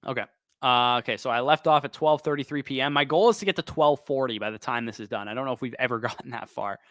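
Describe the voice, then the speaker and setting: A man hosting a livestream Q&A, quickly reading off player choices and picking one, while he is losing his voice. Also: mid-range voice, a bit bright, no room sound. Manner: quick, listing names then picking one. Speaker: fantasy football show host. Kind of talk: livestream Q&A, rapid-fire start/sit answers.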